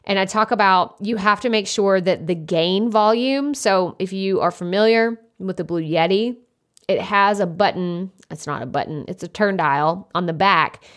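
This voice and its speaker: A young adult woman hosting a solo podcast, chatty and naturally loud, speaking into a desktop USB microphone with many casual fillers. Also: mid-range voice. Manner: chatty, lots of "like" fillers, self-described loud. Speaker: podcast host.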